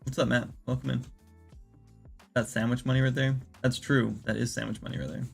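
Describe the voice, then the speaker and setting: With a flat, fairly quick delivery, a man streaming as an indie game developer rambles through his thoughts on a casual livestream, circling back and stuffing sentences with fillers. His middle-pitched voice is gravelly and fry-laden, with soft music faint in the background.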